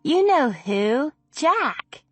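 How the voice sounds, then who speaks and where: A woman reading an audiobook, voicing a teenage girl's gossipy, teasing best friend in a chatty, bright manner. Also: high voice, very animated, extremely slow, voice pushed up, heavily acted.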